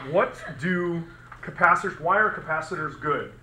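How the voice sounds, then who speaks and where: A man's voice: a little high, lively intonation, normal speed, crowd noise. A man teaching a physics class in a casual, chatty way, asking the students questions and making sound effects. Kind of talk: classroom lecture. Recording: echoey classroom recording.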